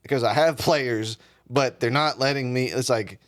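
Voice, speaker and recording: A man co-hosts a loose comedy podcast. He rambles through his stories in an easygoing way and swears freely. His voice sits at an ordinary middle pitch. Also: moderate pace. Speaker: podcast co-host. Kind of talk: casual comedic chat.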